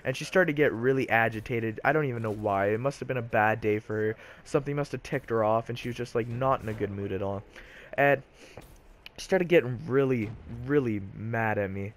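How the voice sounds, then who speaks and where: A man's voice: medium pitch, fairly quick. A teenage boy casually telling a storytime vlog in a loose, chatty way full of fillers. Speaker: vlogger, storyteller.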